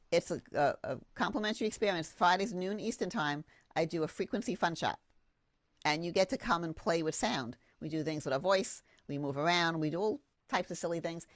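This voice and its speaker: Lively, animated woman telling a story. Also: lowish voice, no room sound. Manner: enthusiastic, expressive, rambling. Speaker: podcast guest, sound therapist.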